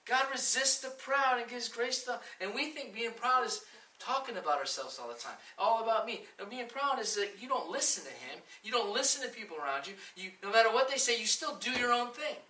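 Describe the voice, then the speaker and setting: A woman's voice: on the high side, lively intonation, fairly quick, pushed and bright, distant mic. A woman preaching a sermon with emphasis, asking the room questions and acting out quoted voices. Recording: echoey room, voice from off the mic.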